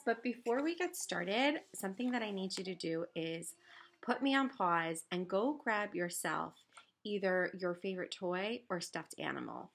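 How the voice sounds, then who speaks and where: A woman with a fairly low voice reads aloud to first graders in a recorded lesson, using a gentle, instructive tone meant for children.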